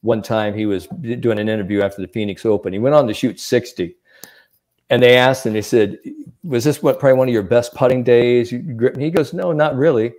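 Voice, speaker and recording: A man's voice: mid-range voice, fairly quick. A man who is a sports psychologist, giving mental coaching advice in a podcast chat and acting out the people he quotes. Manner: animated storyteller, acts out quotes.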